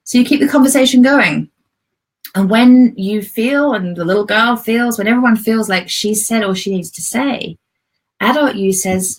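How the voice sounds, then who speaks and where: A woman who is a self-help author, giving a spoken lesson in a gentle, conversational way and speaking straight to her listeners. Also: fairly high pitch, moderate pace. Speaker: self-love author and coach.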